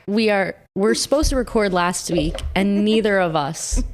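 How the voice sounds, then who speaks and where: A woman's voice: mid-range voice, moderate pace, slight background noise. A woman in her thirties co-hosting a podcast, chatting casually and joking with light swearing. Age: 30s. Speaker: podcast co-host. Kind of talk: casual chat.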